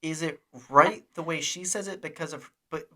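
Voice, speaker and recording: A man's voice: fairly high pitch, fairly even intonation, normal speed, bright, forceful tone. A man co-hosting a podcast, chatting casually and enthusiastically, rambling and poking fun at himself. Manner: rambling, enthusiastic, self-deprecating. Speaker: podcast co-host. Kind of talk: casual chat about a TV show.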